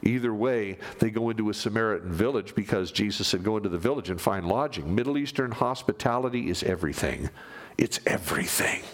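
A man preaching a sermon, animated, moving from loud emphasis down to near-whispers. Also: fairly low pitch, quick pace, few pauses. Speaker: pastor.

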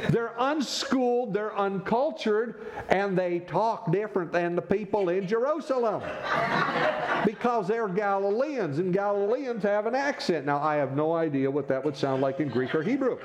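Guy pastor giving a sermon, kinda high voice, jokes around with the crowd, bit of hiss behind. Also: normal speed. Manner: animated, joking asides to the congregation.

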